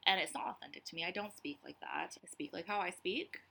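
A woman's voice: lowish voice, quick pace, gravelly, bright, forceful tone, husky. A young woman from Canada hosting a casual podcast chat, talking with lots of "like" and frequent laughs. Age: young adult. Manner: chatty, laughs often, lots of "like". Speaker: podcast host. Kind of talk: casual conversation.

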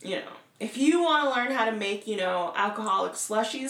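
Woman, podcast co-host, animated storyteller, teasing, a bit high, roomy echo. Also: brisk. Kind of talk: casual chat.

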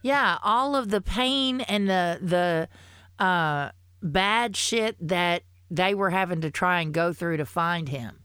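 Brief: woman podcast co-host, fairly low voice, dry close sound, rambling and halting, swears freely. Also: expressive, sharp tone, smooth, dry recording. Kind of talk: casual chat.

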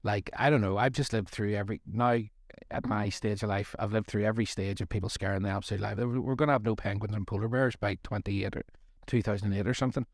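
A man's voice: on the low side, fairly even intonation, quick pace, no echo, studio quality. A middle-aged man co-hosting a faith study series, talking in a rambling, jokey way with self-deprecating asides. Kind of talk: casual faith discussion.

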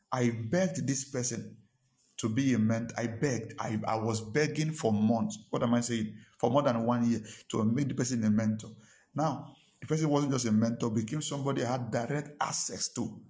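A man's voice: medium pitch, a little mellow. Man preaching an emphatic sermon. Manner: emphatic preaching with repeated phrases. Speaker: pastor.

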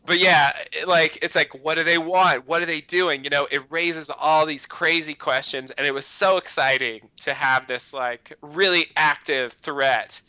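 A man talks casually on a podcast, circling back with constant "you know"s. His voice is very bright and crisp, recorded dry and close with no room sound. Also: on the high side, steady tone, unhurried, few pauses, no echo, rough recording. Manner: rambling, lots of "you know" fillers. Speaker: podcast co-host. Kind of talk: casual chat.

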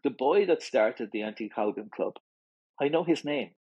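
Husky middle-aged Irish man, halting. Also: mid-range voice, expressive, darkish tone, no room sound, lo-fi sound. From Ireland. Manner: halting, repeats words and restarts often. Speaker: guest. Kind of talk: candid interview conversation. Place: studio.

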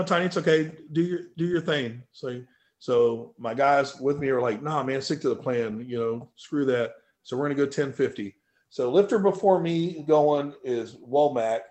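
A man in a casual podcast chat, a powerlifter retelling his story in a mid-pitched voice. He talks in an animated, profane way, and his voice jumps loud and high whenever he quotes himself. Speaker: powerlifter guest.

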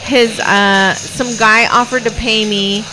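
Blunt, animated woman co-hosting a podcast. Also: on the high side, slow pace, over music, low-quality recording. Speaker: podcast co-host. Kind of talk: casual movie watch-along chat.

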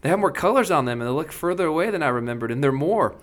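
A man's voice: a little high, animated, racing, voice pushed up, natural voice. Lucy, a wondering young girl, read by a man. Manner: raised, lifted storybook reading. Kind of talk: reading a novel aloud.

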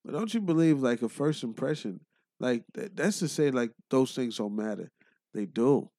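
A man's voice: medium pitch, expressive, mellow, no room sound, clean studio sound. A man co-hosting a podcast, talking bluntly and emphatically in casual debate. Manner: emphatic, blunt, quick to agree. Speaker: podcast co-host. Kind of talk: casual chat.

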